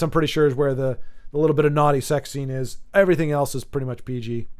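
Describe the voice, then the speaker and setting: A man's voice: on the high side, clean tone. A man casually chatting with viewers on a live stream, joking and answering the chat aloud.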